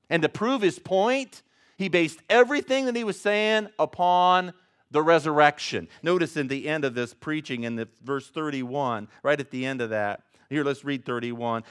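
A male pastor preaching a sermon, with big swings between loud and soft and jokes along the way. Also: a little high, clean tone.

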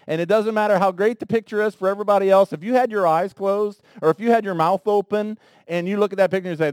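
A man preaching a sermon in a conversational way, talking straight to the men in the room and swinging between soft asides and loud emphasis. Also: high voice, smooth, dry recording, studio quality. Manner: conversational, addresses men in the congregation directly. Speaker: pastor.

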